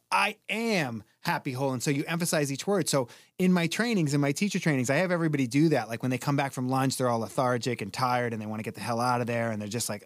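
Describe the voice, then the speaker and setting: A man's voice: mid-range voice, dry recording, clean studio sound. A man from Boston who teaches breathwork, talking casually and acting out his classes with energy. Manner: animated, acts out his classes loudly. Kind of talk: casual podcast conversation.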